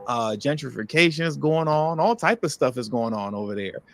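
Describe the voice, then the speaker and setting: A man's voice: medium pitch, expressive, moderate pace, no room sound. A man hosting a political commentary show, sarcastic and slangy, reading articles aloud with running asides. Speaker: host.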